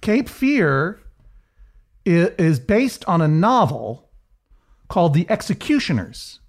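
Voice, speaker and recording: Sing-song and high-sitting, a man's slow voice carries casual podcast chat as he co-hosts. He rambles chattily, restarting his sentences again and again.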